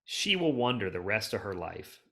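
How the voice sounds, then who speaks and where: Man, middle-aged, podcast guest, rambling storyteller, lowish pitch. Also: moderate pace. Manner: rambling, animated storyteller who restarts and jumps around. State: emotional, close to tears. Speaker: guest, hoarding cleanup expert.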